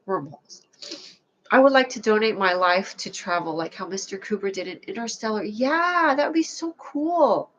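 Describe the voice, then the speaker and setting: A woman's voice: mid-range voice, expressive, normal speed, a bit bright, slight background noise. Rambling playful woman on a lo-fi livestream. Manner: rambling, playful, reads chat aloud. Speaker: livestream host. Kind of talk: casual livestream chat. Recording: lo-fi, dull sound.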